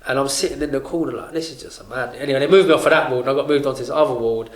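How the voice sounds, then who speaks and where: A man's voice: medium pitch, racing. A young man, a podcast co-host, telling a story in casual chat, full of "like" and acting out what others said. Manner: animated, heavy on fillers, acts out what others said. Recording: roomy echo.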